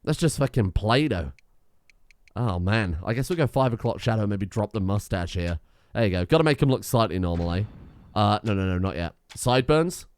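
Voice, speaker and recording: A man's voice: fairly low pitch, animated, normal speed, darkish tone, clear, resonant tone, dry recording. Sweary English man commentating a game. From England. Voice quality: sweary, chuckling, offhand. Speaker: game streamer. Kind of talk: casual let's-play commentary.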